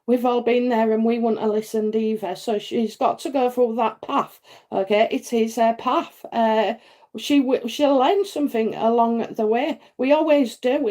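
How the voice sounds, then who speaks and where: This psychic host's voice sits on the high side yet has a dark tone. Taking viewer questions during a live reading stream, she chats warmly and reassuringly, using lots of fillers and often asking "okay?"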